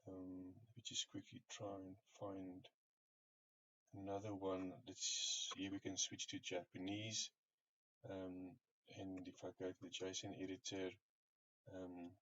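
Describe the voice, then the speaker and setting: A man walking through a software setup on screen, unhurried, with many ums and pauses. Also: sits low. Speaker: software tutorial presenter. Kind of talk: screen-share walkthrough. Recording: muffled lo-fi audio, faint hiss.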